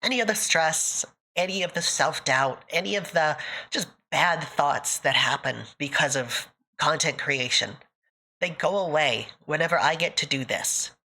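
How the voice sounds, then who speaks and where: A woman with a deep voice and a sharp tone talks at a measured pace to her live-stream audience in a casual chat. She's emotional, near tears, and laughs often as she thanks them.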